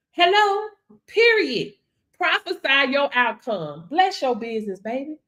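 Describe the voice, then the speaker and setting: A woman's voice: high-pitched, big pitch swings, slow, a bit bright, slight background noise. A woman coach giving a motivational faith-based pep talk. She preaches emphatically, chants affirmations and keeps calling out "Hello?" to her listeners. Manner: preacher-like, emphatic, with frequent "Hello?" call-outs; repeats affirmations in a rhythmic chant. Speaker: business coach.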